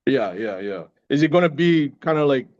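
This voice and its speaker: Guesting in a casual conversation, a middle-aged actor tells lively stories and laughs a great deal. The recording is muffled, and his mid-range voice runs at a normal speed.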